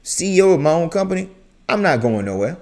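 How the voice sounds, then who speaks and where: A man's voice: on the high side, fast talker. Slangy man hosting a reaction chat. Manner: animated, repeats phrases, slangy. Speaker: reaction channel host.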